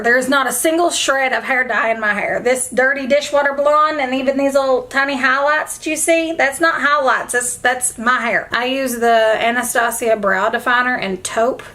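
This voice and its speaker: A woman's voice: fairly high pitch, pushed and bright. A young woman chatting casually at home while doing her makeup, emotional and effusive, rambling from one thought to the next. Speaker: beauty vlogger. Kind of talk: casual get-ready-with-me chat. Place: at home, indoors.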